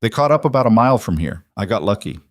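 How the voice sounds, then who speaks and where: A man's voice: fairly low pitch, sing-song, fast, no room sound, studio quality. A man voicing a wounded gambler on the run who talks defensively in an audiobook story.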